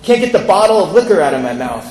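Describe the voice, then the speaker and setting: High-voiced guy from california telling his recovery story, roomy hall echo, talking straight to the crowd. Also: big pitch swings, fast, a little mellow. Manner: candid storytelling, acts out quoted voices. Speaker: recovery speaker. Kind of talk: personal recovery talk at a convention. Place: large convention hall. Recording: echoey hall with long reverb.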